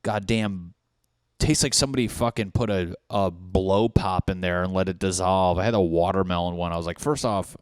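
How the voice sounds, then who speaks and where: A man's voice: low voice, moderate pace, smooth, no echo, clean studio sound. A man in his thirties hosting a podcast as a casual, comedic solo monologue. He rambles and swears freely as he riffs on party scenarios. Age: 30s. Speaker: podcast host.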